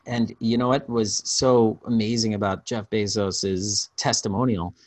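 A man hosting a podcast, telling stories in a casual, animated way with frequent restarts. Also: fairly low pitch, a little slow, no room sound. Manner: storytelling, animated, restarts often. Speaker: podcast host.

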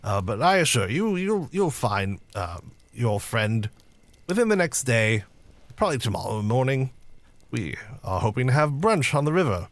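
A man doing a halting, polite army colonel. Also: medium pitch, very animated, no room sound. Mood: insistent. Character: businesslike military colonel, middle-aged man.

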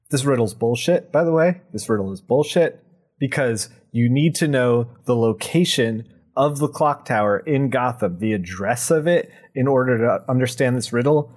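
A young man recapping a comic book on a podcast, animated and sarcastic, laughing often. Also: mid-range voice. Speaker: podcast co-host.

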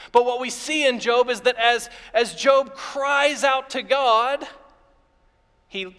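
A man's voice: high-pitched, a bit bright. A man preaching a sermon as pastor, earnest and repetitive in his phrasing. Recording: long reverb of a hall.

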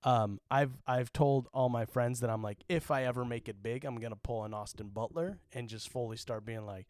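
A man's voice: medium pitch, normal speed, darkish tone, dry recording, studio quality. A man from Utah co-hosting a podcast, telling joking stories in casual chat. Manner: joking, storytelling. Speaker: podcast co-host.

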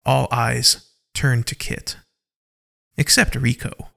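Man, storyteller, slow pace, gravelly, audio drama narration. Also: medium pitch, steady tone. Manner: slow, deliberate.

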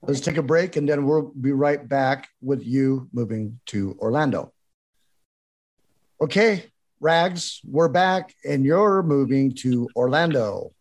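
A man's voice: mid-range voice, takes it slowly. Easygoing male podcast host. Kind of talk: interview podcast.

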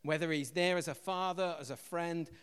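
An English man preaching a sermon as pastor, an animated storyteller who acts out quotes loudly. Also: a little high, moderate pace, smooth, in a large hall. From England.

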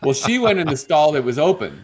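A man co-hosting a morning radio show, telling a story in casual chat, with an animated storytelling manner. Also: fairly quick, husky, soft background music. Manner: animated storyteller, jumps into high voices when quoting a woman.

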